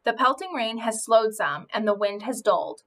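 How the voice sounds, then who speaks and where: A woman reading a children's novel aloud, telling it in an expressive first-person voice. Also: a little high, moderate pace. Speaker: audiobook reader.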